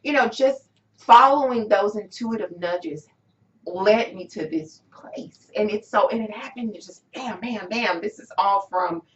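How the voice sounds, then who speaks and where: A woman guest in a casual interview, sharing a personal testimonial. Her telling grows animated and excited as she goes. She sounds set back from the mic, and the recording is dull. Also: mid-range voice, unhurried, distant mic. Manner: animated storytelling that rises into excitement.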